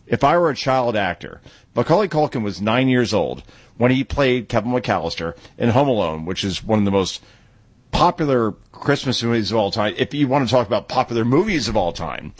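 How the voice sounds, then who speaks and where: Husky-voiced male radio talk host. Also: medium pitch, lively intonation, brisk, no room sound. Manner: chatty, conversational, lots of asides.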